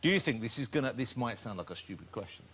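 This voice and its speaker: A man's voice: medium pitch, expressive, quick pace, fairly bright tone, slight background noise. A man hosting a talk show, interviewing a guest in a playful, teasing way. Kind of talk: casual chat. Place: TV studio with audience.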